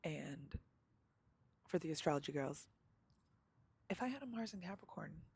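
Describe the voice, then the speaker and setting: Low-voiced woman chatting slangily outdoors. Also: animated, normal speed, a little mellow, breathy edge, no echo. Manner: chatty, self-mocking, slangy, laughs often. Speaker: vlogger. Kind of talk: casual live vlog chat.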